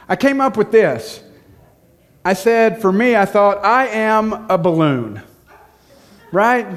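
A middle-aged man preaching a sermon in a church, conversational and jokey with self-deprecating humor. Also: high voice. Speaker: pastor. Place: church sanctuary.

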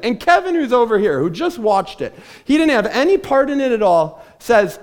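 A man's voice: very high voice, very animated, moderate pace, few pauses. A man preaching a sermon from a church stage, telling the story with animation and acting out the voices of the people in it. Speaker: pastor.

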